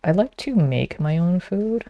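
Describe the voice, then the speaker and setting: A woman's voice: lowish voice, lively intonation, unhurried, dry recording, muffled recording. A woman streaming a game, chatting casually and teasing her viewers.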